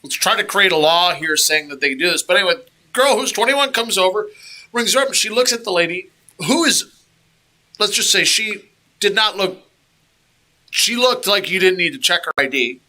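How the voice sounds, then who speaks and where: A man co-hosting a casual talk show, telling animated, joking stories in a small studio room. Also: high-pitched, normal speed. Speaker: co-host. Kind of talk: casual podcast chat.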